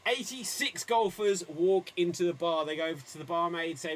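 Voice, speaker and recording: A man hosting an improv comedy show, calling on players and delivering pun jokes with a dry pause. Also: a little high, fairly even intonation, a little hiss or hum. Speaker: improv game host.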